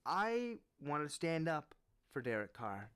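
A man giving earnest, animated opinion commentary on sports, rising in pitch when he presses his point. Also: measured pace, clear, resonant tone.

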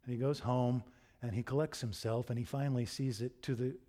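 A man preaching a sermon, telling a story in an expressive, animated way. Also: mid-range voice, a little fast.

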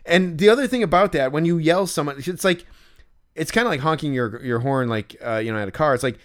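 A man's voice: fairly high pitch, a little fast. A man co-hosting a podcast in casual chat, rambling with lots of fillers and restarts. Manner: acts out exasperated yelling when quoting himself. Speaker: podcast co-host.

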